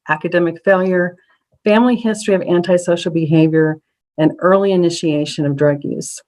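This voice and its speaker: A presenter at an advisory council meeting talks through survey charts one slide at a time. The delivery is measured and explanatory, with frequent ums and small restarts, at a middle pitch. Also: low-quality recording.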